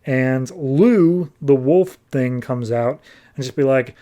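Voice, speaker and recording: A man's voice: mid-range voice, unhurried. A man on a podcast casually recapping a comic book and acting out the characters' lines as he goes. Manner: animated retelling, acting out characters' lines in passing. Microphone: podcast microphone.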